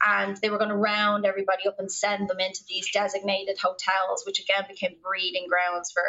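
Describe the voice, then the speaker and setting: A young woman with an Irish accent tells a long story to a podcast host, wandering through it with constant fillers. Her voice is bright and forceful. The remote call audio sounds muffled and lo-fi. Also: mid-range voice, monotone, fairly quick, creaky. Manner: rambling, filler-heavy, lots of "like". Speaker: podcast guest. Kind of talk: storytelling in casual conversation.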